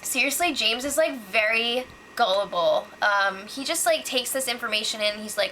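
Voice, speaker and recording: A woman's voice: on the high side, takes it slowly, few pauses, pushed and bright, slight background noise, low-quality recording. A young woman casually recapping reality show gossip, sarcastic and full of "like" and "um". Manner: chatty, sarcastic, lots of "like" and "um".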